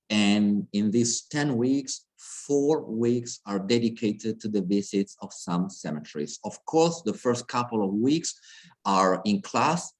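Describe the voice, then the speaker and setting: Man, Italian accent, low voice, earnest lecturer, video call. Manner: earnest, halting with restarts. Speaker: university lecturer. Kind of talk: conference presentation over video call.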